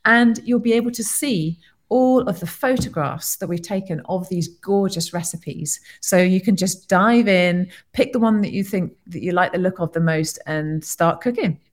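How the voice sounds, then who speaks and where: A woman doctor and author, a guest on a podcast, talking in a cheerful, warm way and laughing easily. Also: on the low side, moderate pace. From United Kingdom. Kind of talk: casual interview chat.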